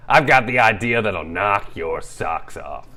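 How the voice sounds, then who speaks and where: A man voicing a brash, smooth-talking male fish with a heavy put-on New York accent, loud and slick in a read-through. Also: lively intonation, a little slow, exaggerated voice. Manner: loud, slick sales pitch with pet names. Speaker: podcast co-host reading a script.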